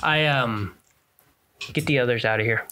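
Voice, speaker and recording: A man's voice: medium pitch, moderate pace, sharp tone. A man playing a tabletop game, asking short questions and stating his character's actions. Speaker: player. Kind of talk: casual tabletop play.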